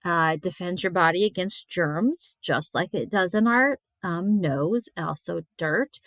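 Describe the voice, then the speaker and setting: A woman's voice: on the low side, a little slow, fairly bright tone, dry recording. A woman giving a recorded anatomy lesson in a chatty, informal way, with many fillers and stumbles over hard words. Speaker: teacher.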